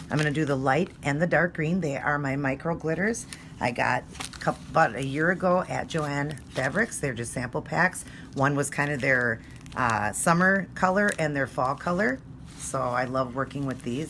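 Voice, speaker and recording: Woman, low voice, chatty, nail art tutorial vlog, faint background hiss. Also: a bit bright. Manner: chatty, friendly, step-by-step explaining.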